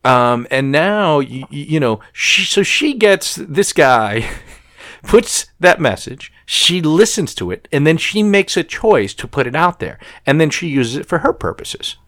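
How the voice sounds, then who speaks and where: A man's voice: a little high, very animated, a little slow, a bit bright, no room sound. Man thinking aloud, dry close mic. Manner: reflective, thinking aloud, repeated "right?" and "you know". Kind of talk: casual chat.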